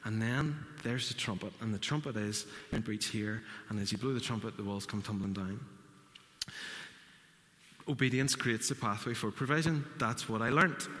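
A man's voice: medium pitch, sharp tone. Man preaching in a reverberant hall. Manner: storytelling with acted-out quotes. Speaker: pastor. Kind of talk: sermon. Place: church hall.

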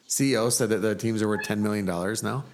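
A man hosts a casual podcast chat. His voice sits on the low side, and he talks in a relaxed, joking way, agreeing easily. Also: quick pace, a little hiss or hum. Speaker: podcast host.

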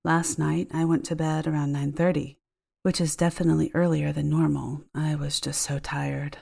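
A woman voicing a sick, sleepy homeowner who is uneasy and lonely, speaking softly and hesitantly. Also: low voice, flat delivery, normal speed, gravelly, husky, full character voice. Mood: uneasy, hushed. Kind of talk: audiobook character voice.

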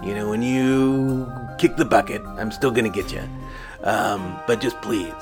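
A man's voice: on the low side, fairly even intonation, unhurried, music in the background. A man voicing a sly male devil from a folk tale, who talks in an offhand, slangy way. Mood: pleading. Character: sly male devil come to claim a soul.

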